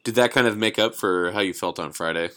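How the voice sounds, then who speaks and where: A woman's voice: extremely low pitch, fast talker, fairly bright tone. A woman co-hosting a casual chat, cutting in with short, blunt remarks.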